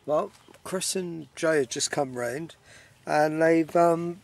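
A man's voice: fairly high pitch, slow pace, creaky, darkish tone. A man chatting casually to camera while out at a fishing match by a lake. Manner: chatty, banters with friends. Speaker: vlogger filming a fishing match. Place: outdoors by a lake at evening. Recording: outdoors at a lake, faint ambient noise.

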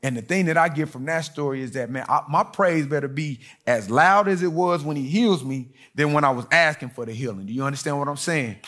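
Husky preacher telling stories from the pulpit. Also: male voice, on the high side, brisk, few pauses. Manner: storytelling preacher, swings from loud to hushed, acts out quoted voices. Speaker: pastor. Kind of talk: sermon.

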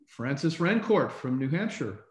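A man co-hosting a live online recognition event, reading out names in an upbeat way and often clearing his throat, speaking over a video call. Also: mid-range voice, big pitch swings, moderate pace. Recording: echoey room on a video call.

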